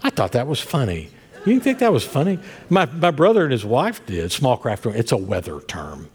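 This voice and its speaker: A man preaching a sermon as pastor, telling stories with self-deprecating humor and a husky voice. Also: medium pitch, very animated, a little fast. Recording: long hall reverb.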